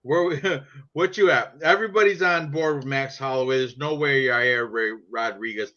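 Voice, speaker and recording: A man's voice: mid-range voice, moderate pace, pushed and bright. A man chatting casually about sports picks in a brash, profane, joking way. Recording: dull lo-fi sound.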